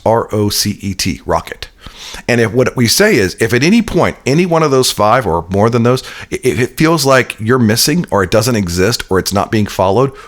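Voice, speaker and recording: A man being interviewed, explaining his ideas with energy, often repeating words as he starts a sentence. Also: on the low side. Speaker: interview guest. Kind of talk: conversational business interview.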